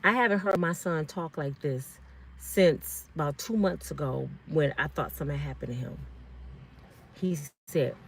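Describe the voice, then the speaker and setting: A woman's voice: low-pitched, unhurried, slight background noise. A middle-aged woman telling a personal story to her live-stream viewers in an earnest, pleading way, often repeating herself. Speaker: vlog host.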